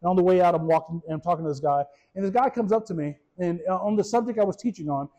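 Male pastor, warm and soft in tone, preaching in a chatty, lively way with questions to the room. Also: sits high, rapid-fire, dull audio. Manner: animated, repeats words, asks the room questions. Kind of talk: conversational sermon.

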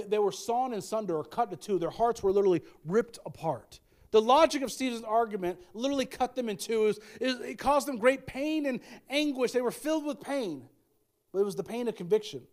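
A middle-aged male pastor preaching a sermon, emphatic, with folksy asides and repeated key lines. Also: very high voice.

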